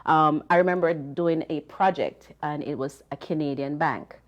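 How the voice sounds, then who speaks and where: Jamaican woman, low-pitched, animated storyteller, casual panel guest. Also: normal speed, lo-fi sound. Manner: chatty, animated anecdotes with many fillers.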